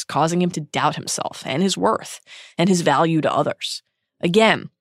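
A woman's voice: on the low side, no room sound, clean studio sound. Earnest woman reading a prepared essay. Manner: measured, earnest, dramatic quote reading. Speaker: podcast co-host.

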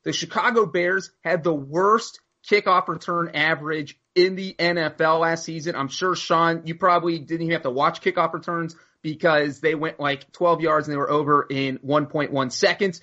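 A man's voice: on the high side, steady tone, sharp tone. A man co-hosting a sports podcast, casually breaking down signings with lots of numbers. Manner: stat-heavy, fast analysis. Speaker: podcast co-host. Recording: dull, lo-fi audio.

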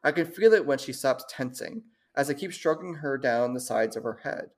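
A woman's voice: extremely low pitch, animated, normal speed, a little mellow. A woman chatting casually and reading short horror stories aloud, laughing often and stumbling over long words.

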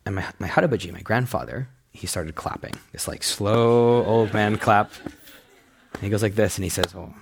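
A young man tells a personal story to a listening audience. His voice sits fairly low, but he jumps up in pitch when he gets excited. He laughs easily and keeps the story moving with energy. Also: normal speed, creaky, a little hiss or hum. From United States. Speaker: speaker giving a talk.

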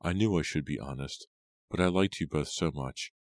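Soft-spoken young woman, read by a guy with a really deep voice, gentle, worried. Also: normal speed, dry recording.

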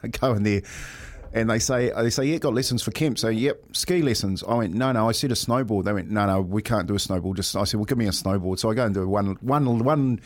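A man with a New Zealand accent, a radio host telling a lively story with lots of laughter and "mate". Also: fairly low pitch, fairly quick. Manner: animated storyteller, laughs often, says "mate". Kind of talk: casual radio chat.

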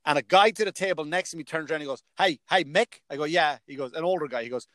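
A man's voice: a little high, rapid-fire, a bit bright, no echo. A male stand-up comedian in casual chat, telling stories from his gigs, swearing freely and acting out what others said. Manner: storytelling, swears freely, acts out other people's lines.

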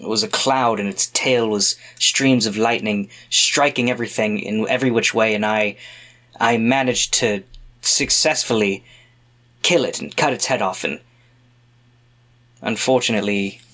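A man's voice: on the low side, measured pace, a bit bright. A man earnestly playing his character in a tabletop game. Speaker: player.

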